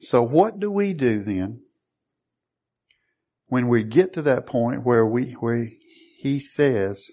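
Guy preaching a sermon, middle pitch, acts out little voices and asks the room stuff. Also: expressive, takes it slowly, pauses often, mellow, lo-fi sound. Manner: asks the congregation questions and acts out quoted voices.

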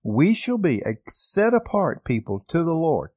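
A man's voice: on the high side, sing-song, measured pace, darkish tone, no room sound, lo-fi sound. A man preaching a sermon, reading scripture aloud with rising emphasis and asking his listeners questions.

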